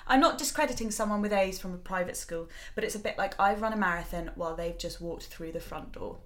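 Brief: young woman, podcast co-host, earnest and emotional, mid-pitched, casual chat. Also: fast talker. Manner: emotional, earnest, easily moved to tears. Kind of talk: casual chat, reading articles aloud.

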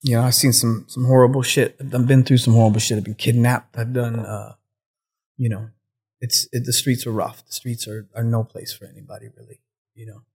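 A man's voice: mid-range voice, level tone, a little fast, a little mellow, breathy edge. Earnest, reflective man sharing life lessons. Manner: reflective, earnest, swears casually. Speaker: guest, cannabis breeder. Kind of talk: candid conversational storytelling.

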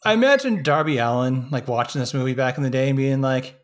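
A man's voice: mid-range voice, lively intonation, fast talker. A man co-hosting a casual movie review podcast, adding wry asides and laughing along. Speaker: podcast co-host.

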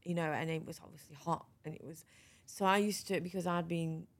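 Lively, frank woman guest telling stories. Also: on the low side, fairly quick. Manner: lively, frank, runs sentences together with restarts. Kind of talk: conversational storytelling interview.

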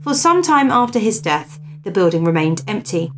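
A woman's voice: mid-range voice, very animated, moderate pace. A woman, co-hosting a casual podcast, reading old ghost stories aloud with dramatic emphasis and chatting between them. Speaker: podcast co-host.

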